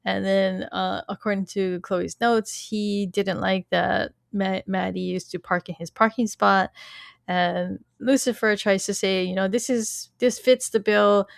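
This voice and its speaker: A woman's voice: medium pitch, little pitch movement, a little slow, vocal fry, dry recording, clean studio sound. A woman co-hosting a podcast, recapping a TV episode in casual chat, laughing often and acting out quoted lines. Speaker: podcast co-host.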